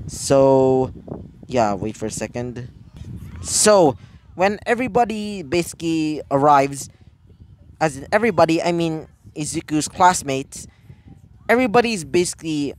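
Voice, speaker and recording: A man telling a fan story off the cuff, rambling and stopping to correct himself, packed with fillers. He talks slowly, and a faint noise hisses behind him. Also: fairly high pitch, poor audio. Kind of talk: casual fan-fiction storytelling.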